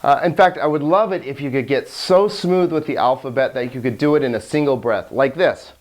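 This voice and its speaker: A man's voice: mid-range voice, fairly quick. A middle-aged man teaching a video lesson on Greek, enthusiastic and often chuckling as he explains.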